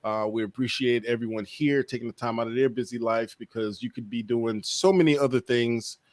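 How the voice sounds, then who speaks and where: A man's voice: medium pitch, fairly even intonation, fairly quick, dry recording. A man hosting a casual livestream chat, rambling with lots of fillers and trailing asides. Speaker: podcast host.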